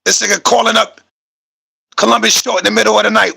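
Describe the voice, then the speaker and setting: High lively male host, gravelly and husky, very bright, profane reaction commentary. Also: racing. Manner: animated, profane, rhetorical and repetitive. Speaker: podcast host reacting to videos.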